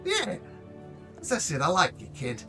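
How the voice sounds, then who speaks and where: A man voicing a gruff wheedling bugbear lender. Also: high voice, huge pitch swings, normal speed, over music, voice pushed up. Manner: wheedling, overly friendly sales talk. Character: gruff friendly male bugbear moneylender.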